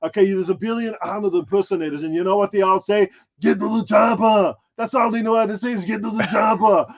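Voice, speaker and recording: A man's voice: sits high, steady tone, a little fast, gravelly, husky, dull audio, heavily acted. A man doing a brash action-star impression. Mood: boastful. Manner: brash, crude, self-promoting bragging. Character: boastful male action-movie star impression. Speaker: guest impressionist. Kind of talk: podcast chat in character.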